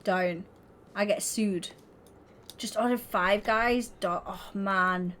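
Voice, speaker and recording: A woman's voice: mid-range voice, steady tone, slow, a bit bright, a little hiss or hum. A young woman streaming, chatting casually and giggling as she talks to her viewers. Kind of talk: casual livestream chat while gaming.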